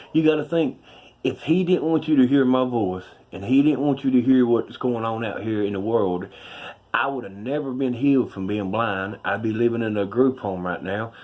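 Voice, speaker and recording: Southern US man, middle-aged, street preacher; folksy, rambling testimony delivered with emphasis, mid-pitched. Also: normal speed, a little mellow. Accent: Southern US, North Carolina.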